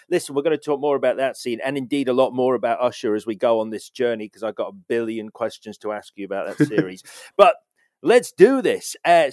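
A man of middle pitch hosts an interview podcast. He chats warmly with his guest, then narrates a scene with theatrical flair. His voice is dry and close to the mic. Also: no echo. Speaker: podcast host. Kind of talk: interview podcast hosting with scripted segment narration.

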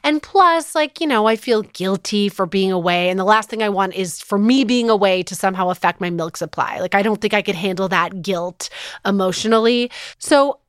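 A woman's voice: medium pitch, normal speed, clean tone, dry recording, clean studio sound. A woman in her thirties hosting a podcast, telling a story with fired-up, emphatic energy. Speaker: podcast host. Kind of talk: animated storytelling.

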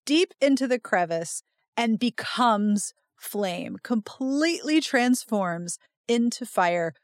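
A woman's voice: fairly high pitch, slow pace, no echo, clean studio sound. A woman hosting a podcast, recapping a romance novel in casual chat and reading passages aloud with dramatic flair. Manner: animated, dramatic read-alouds with laughs. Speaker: podcast host.

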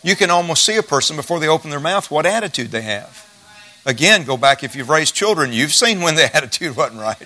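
Folksy preaching man, bright voice. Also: fairly high pitch, big pitch swings, fairly quick. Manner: folksy, emphatic repetition of key phrases. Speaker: pastor. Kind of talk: sermon.

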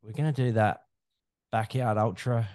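A man co-hosting a podcast, chatting in a relaxed way and swearing casually. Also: lowish voice, normal speed, dry recording, studio quality. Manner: laid-back, swears casually. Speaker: podcast co-host. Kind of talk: casual chat.

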